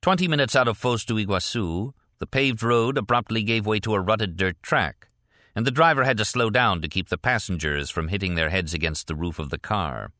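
A man narrates a novel in a steady, deliberate manner. His voice is very deep but crisp and forceful. The recording is close and dry. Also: no echo. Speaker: audiobook narrator. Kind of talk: scripted narration.

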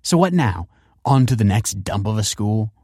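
A man's voice: on the low side, big pitch swings, moderate pace, mellow, husky, dry recording, studio quality, exaggerated voice. A man reading a story aloud and voicing a defiant, foul-mouthed teenage schoolgirl with sarcastic, insolent lines.

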